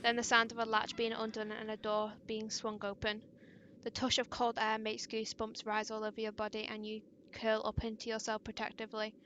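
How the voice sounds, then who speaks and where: A woman reading a visual-novel fangame aloud, stumbling over lines and breaking off into awkward asides, with steady background noise. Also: on the high side, fairly quick, highs cut off. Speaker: game player.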